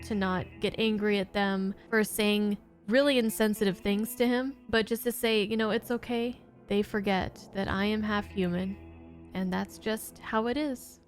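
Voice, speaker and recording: A woman talks through a casual top-ten review of her favorite episodes on her own channel. Her voice sits a little high, and her delivery is earnest and heartfelt. Faint music plays quietly beneath her. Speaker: YouTube reaction host.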